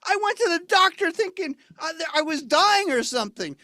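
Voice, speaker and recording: A man's voice: extremely high pitch, expressive, brisk, bright, forceful tone, dry recording, clean studio sound, pitched above the performer's own voice, exaggerated voice. Man playing a whiny, flustered straight man. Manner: whiny and indignant, stammering. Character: flustered put-upon farm-raised man, whiny. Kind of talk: comedy double act on a video call.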